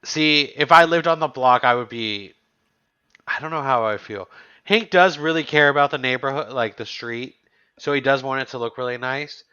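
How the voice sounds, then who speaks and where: A man's voice: mid-range voice, normal speed, pushed and bright, clean tone, dull audio. A man co-hosting a podcast, musing and asking questions in casual chat. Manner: musing, chatty, asks questions. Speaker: podcast co-host.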